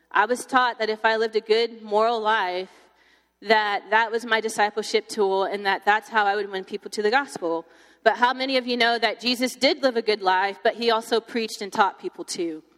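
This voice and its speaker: A young woman giving her testimony to a campus ministry group, telling it in a chatty, animated way with lots of fillers. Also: fairly high pitch. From Texas. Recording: long hall reverb.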